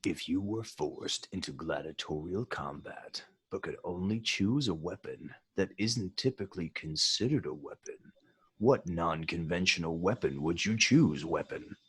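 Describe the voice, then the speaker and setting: A man's voice: low-pitched, expressive, a little slow, husky. A man co-hosting a podcast in casual chat, laughing often and exclaiming. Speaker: podcast co-host.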